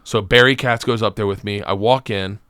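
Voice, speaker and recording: A man, a comedian guest on a podcast, telling a rambling comic story full of swearing and rising excitement, close to a studio mic. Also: on the low side, a little fast, clean tone, no echo. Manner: rambling, profane, gets loud and excited.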